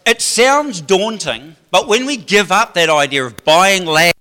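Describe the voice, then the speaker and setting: A man delivering a sermon in a loose, conversational way, full of asides and quips. His voice sits a bit high and rings bright and forceful. The sound carries a long reverb, as if from a big church hall. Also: lively intonation, measured pace. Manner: chatty, rambling, joking asides. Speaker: pastor.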